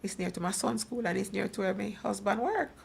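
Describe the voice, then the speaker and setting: Speaking briskly at medium pitch, this middle-aged woman has a husky, slightly mellow voice with vocal fry. She's a guest on a talk program sharing her personal testimony with emphasis, voicing others' words dramatically.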